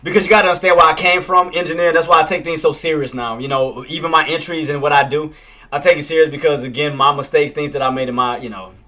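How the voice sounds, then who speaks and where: Man, trader livestreaming, somewhat high and forceful voice, self-critical, repetitive, answers chat by name. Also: steady tone, fast. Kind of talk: live trading commentary with chat.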